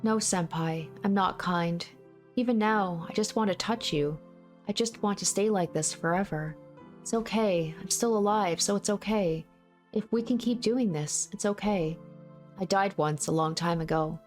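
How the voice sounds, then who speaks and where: A woman reading the lines of a gentle, earnest young man in a soft voice from a visual novel. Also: mid-range voice, normal speed, soft background music, lightly acted. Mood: tender.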